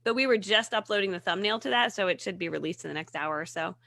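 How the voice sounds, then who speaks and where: A woman in her thirties talks with a bright, forceful voice on a morning talk show. She chats casually and tells her stories in an animated way, laughing often. The sound is dry, with no room echo. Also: medium pitch, fast, vocal fry. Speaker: guest, video marketing coach. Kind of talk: casual chat.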